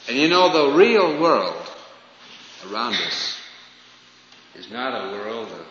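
A man preaching a sermon, swinging from loud emphatic lines to hushed, falling phrases. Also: mid-range voice, sing-song, slow. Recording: dull, roomy hall recording with faint hiss.

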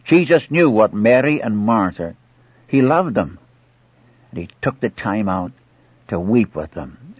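On a muffled old dry recording with no echo, a man preaches an earnest sermon, acting out scripture dialogue and pleading directly with listeners. His fairly low voice is very animated, a little slow, and breathy.

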